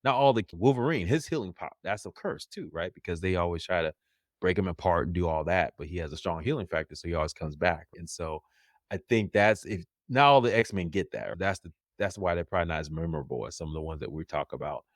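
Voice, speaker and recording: A man co-hosting a casual pop culture podcast, animated and quick to laugh. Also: low-pitched, no echo, clean studio sound. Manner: animated, laughs often, jumps into silly voices. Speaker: podcast co-host.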